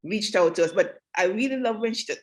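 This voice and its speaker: A woman's voice: medium pitch, expressive, fast. Enthusiastic woman judge who stammers. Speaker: competition judge. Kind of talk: live judge's critique.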